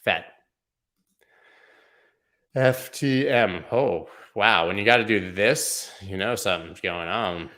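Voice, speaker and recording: A man's voice: on the low side, takes it slowly, pauses often, pushed and bright. A man hosting a casual live stream of crypto chart analysis, making joking asides to his chat. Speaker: livestream host doing crypto chart analysis.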